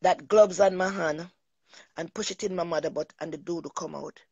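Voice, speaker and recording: A woman's voice: fairly low pitch, moderate pace, vocal fry, darkish tone, slightly rough, no room sound, dull audio. Middle-aged female host, emotional rambling storyteller, dry close sound. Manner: rambling, emotional, repeats herself. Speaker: talk show host. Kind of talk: personal storytelling monologue.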